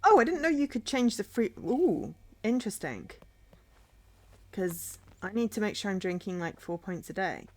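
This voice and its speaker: A woman's voice: mid-range voice, big pitch swings, normal speed. A young woman streaming a game, chatting playfully and giggling at her finds. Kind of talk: casual game stream commentary.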